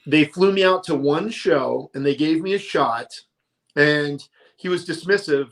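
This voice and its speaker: A middle-aged man telling his career stories in a casual, animated interview, often quoting other people. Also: on the high side, unhurried, vocal fry. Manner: animated, tells stories with quoted voices. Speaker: guest, monster truck announcer.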